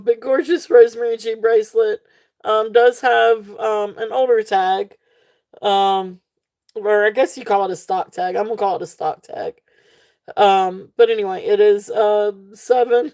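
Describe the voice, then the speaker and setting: A woman's voice: on the high side, darkish tone. A woman hosting a live jewelry sale stream, giggly and gushing at her viewers, rambling with lots of fillers. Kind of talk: casual live-stream selling chat.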